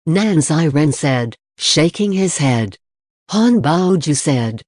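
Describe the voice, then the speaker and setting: Audiobook narrator, mid pitch, even storytelling, dry close sound. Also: takes it slowly, no echo. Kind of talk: audiobook reading of a martial arts novel.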